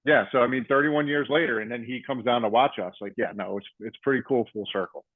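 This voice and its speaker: Quick-paced and medium-pitched, this man in his fifties, a former wrestler, runs a laid-back storytelling podcast and animatedly performs the quotes of others. The recording is dry but has a tinny, phone-call quality.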